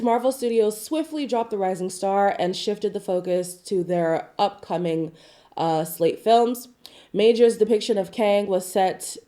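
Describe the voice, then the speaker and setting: Sick nasal lady doing a gossip vlog, mellow voice, chatty asides, reads stuff out. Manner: chatty, asides and hedges, swoops up in pitch for emphasis. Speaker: celebrity gossip vlogger. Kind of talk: casual chat to camera, reading articles aloud.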